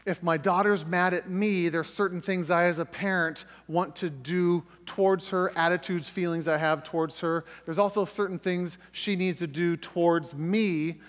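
Conversational middle-aged pastor, echoing hall. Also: male voice, high voice, steady tone, normal speed, hardly any pauses, fairly bright tone. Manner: conversational, self-correcting, acts out prayers. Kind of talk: sermon teaching. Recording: reverberant hall recording.

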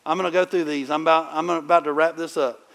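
A middle-aged man preaching in a conversational, animated storytelling way, with sudden loud bursts. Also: a little high, fast talker, gravelly. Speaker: pastor. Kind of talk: sermon.

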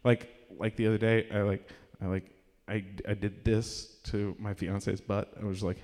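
A man's voice: on the low side, normal speed, darkish tone, in a large hall. A young man telling a rambling, self-mocking stand-up story at a live comedy venue, acting out quotes in raised voices.

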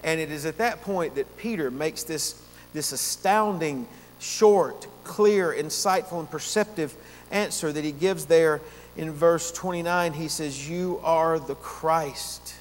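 High-voiced preacher man in a reverberant hall. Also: slight background noise. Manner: earnest preaching, slowing down to stress key words. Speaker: pastor. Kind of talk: expository sermon.

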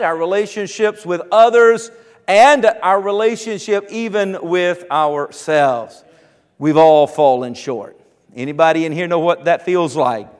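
A man's voice: high-pitched, clear, resonant tone, in a large hall. A man preaching a sermon as pastor, telling stories with humor and chuckling often. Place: church sanctuary.

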